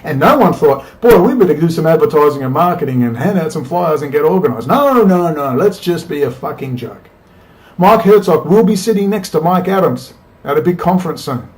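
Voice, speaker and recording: A man's voice: a little high, animated, brisk, darkish tone. A man giving a combative, profane monologue to camera, firing off rhetorical questions as a political commentator. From Australia.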